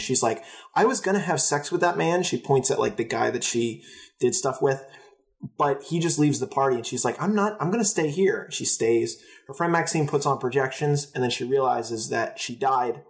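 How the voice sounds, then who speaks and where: A young man co-hosting a casual podcast, walking through a plot step by step in a steady, easygoing manner. His pitch sits in the middle for a man. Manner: steady, narrating plot in order. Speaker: podcast co-host. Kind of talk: casual chat recap.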